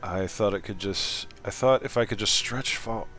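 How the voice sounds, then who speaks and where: A man voicing an earnest young male servant in a game, in a quiet, soft-spoken way. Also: lowish voice, moderate pace, soft background music, natural voice.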